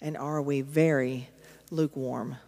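A woman's voice: rumbling low, steady tone, measured pace, dark tone. Female preacher, chatty and emphatic, church-hall echo. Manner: storytelling, conversational, emphatic asides to the congregation. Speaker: pastor. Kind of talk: sermon. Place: church auditorium. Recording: long reverb of a large hall.

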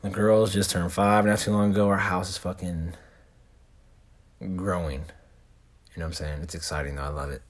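A man's voice: sits low, little pitch movement, moderate pace, pauses often. A young man telling a rambling story in casual talk, slangy and full of swearing. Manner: heavy swearing, laid-back slangy rambling.

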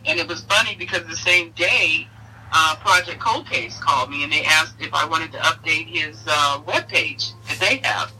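A middle-aged woman, interviewed as a mother, telling fond family memories in an animated way and laughing often. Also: sits low, normal speed, slight background noise. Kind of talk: casual storytelling in an interview. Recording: voice heard from a distance.

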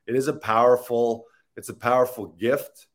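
A man's voice: medium pitch, flat delivery, normal speed. A man, an actor, talking in a rambling, earnest and playful way in a casual interview, laughing and swearing now and then. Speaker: actor guest.

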